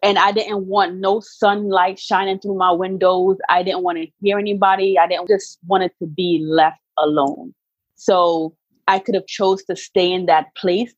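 Woman guest, middle-aged, emphatic and candid; low voice, muffled dry recording. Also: slightly rough, no echo. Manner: earnest, emphatic, faith-filled storytelling. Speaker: guest, author and actress. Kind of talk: candid interview talk.

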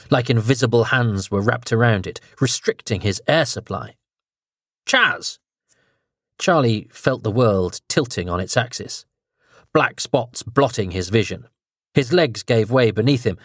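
A man narrating a dark story in a measured, dramatic storytelling manner. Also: medium pitch, no echo, clean studio sound.

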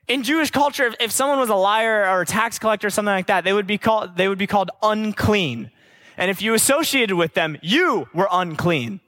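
A man with a high voice preaches a sermon. He drives each point home with repeated rhetorical questions and drops into casual, conversational asides. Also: big pitch swings, normal speed, sharp tone.

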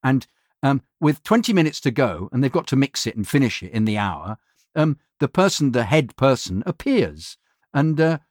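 A male voiceover artist tells a studio story in a mid-pitched voice, stopping and restarting his sentences often. The recording is dry and close, with no room sound at all. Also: big pitch swings, normal speed, dry recording. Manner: rambling, full of restarts and fillers. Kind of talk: anecdotal storytelling.

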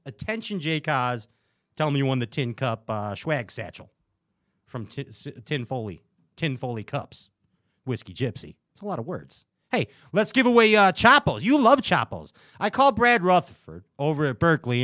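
Lively, playful male podcast host. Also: fairly high pitch, no echo, studio quality. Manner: playful, jokey, bursts of excitement. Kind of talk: casual podcast chat.

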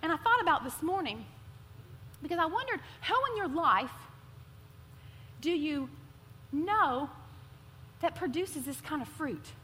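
Woman preacher, high and bright, animated storyteller, sermon in a reverberant hall. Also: a little slow, long pauses, a little hiss or hum. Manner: animated storytelling, repeats words for emphasis. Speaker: pastor. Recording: hall reverb with faint ambience.

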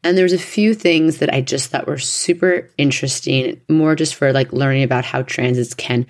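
A woman's voice: extremely low pitch, normal speed. A woman in her thirties hosting an astrology podcast, chatty and rambling off on tangents. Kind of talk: casual podcast chat.

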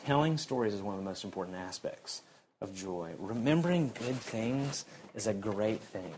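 A young man delivers a sermon in an easy, conversational way. His voice rises to loud emphasis, then drops low and quiet. A faint hiss of noise sits under the recording. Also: normal speed. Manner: conversational preaching, lively swings from loud to quiet. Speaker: pastor.

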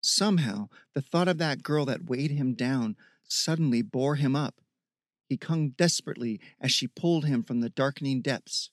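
Man, audiobook narrator, measured reading, mid pitch, dry close sound. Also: no room sound. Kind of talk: scripted narration.

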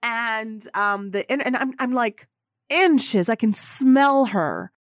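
Excitable woman podcast host, bright voice. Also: fairly high pitch, takes it slowly, no room sound, clean studio sound. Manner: excitable and gushing, swears casually. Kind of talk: storytelling podcast anecdote.

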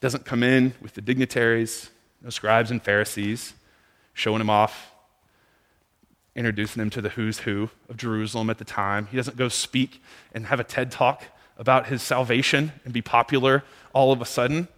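A man gives a sermon in a large church hall, and his voice rings with a long reverb. His delivery is conversational and casual. It runs from soft, hushed stretches up to loud, impassioned calls. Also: mid-range voice, steady tone, normal speed. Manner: conversational, swings between hushed and near-shouting. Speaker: preacher.

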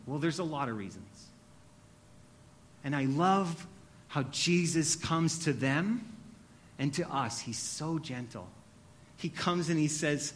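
A man preaching a sermon, earnest, often dropping to soft, hushed tones. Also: a little high. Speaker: pastor.

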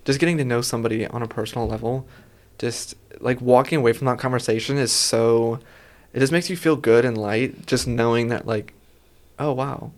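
A man's voice: medium pitch, a little fast. Reflective male host, casual and hesitant. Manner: reflective, hesitant, many fillers. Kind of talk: casual conversation.

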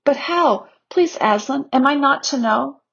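An earnest young storybook girl pleads in a high, breathless, slightly husky voice, as a woman reads her. The recording is a little dull and lo-fi. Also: animated, normal speed. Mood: eager, pleading.

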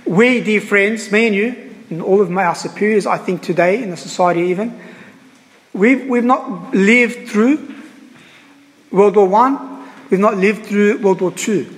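High-voiced preacher in an echoing church. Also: male voice. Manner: earnest, halting, repeats phrases with many fillers. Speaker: priest. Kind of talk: sermon.

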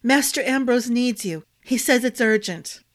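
A woman's voice: fairly high pitch, measured pace, no room sound, clean studio sound, pitched above the performer's own voice, lightly acted. A woman voicing a worried old female palace cook with urgent, breathless speech.

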